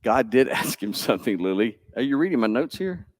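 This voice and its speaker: A man pastor, telling a Bible story to children in church with lively, playful asides. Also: medium pitch, fairly quick, a little hiss or hum. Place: church sanctuary.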